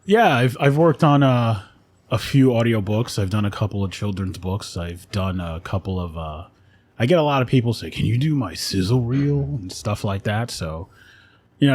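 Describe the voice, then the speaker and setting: A man, an actor and voiceover artist, chatting as a guest in a radio studio in a relaxed, rambling way and laughing often. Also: lowish voice. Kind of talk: casual conversation.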